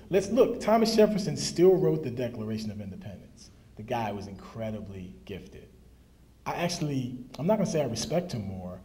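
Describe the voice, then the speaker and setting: A man who writes and teaches management, giving an animated public talk full of anecdotes and asides. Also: on the high side. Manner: animated, anecdotal, frequent "right?". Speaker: speaker, author and management teacher. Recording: echoey hall.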